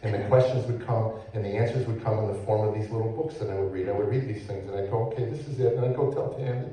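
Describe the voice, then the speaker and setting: A man's voice: fairly low pitch, fairly even intonation. Man telling his testimony in an echoey church. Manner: halting, repeats words, swings from hushed to loud. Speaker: testimony speaker, former comedian. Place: church sanctuary. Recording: echoey church hall, mic far off.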